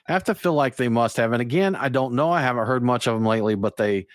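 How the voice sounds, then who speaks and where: A man co-hosting a beer podcast in a relaxed, joking back-and-forth. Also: mid-range voice, quick pace, no room sound, clean studio sound. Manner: easygoing, joking banter. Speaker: podcast co-host. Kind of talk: casual chat.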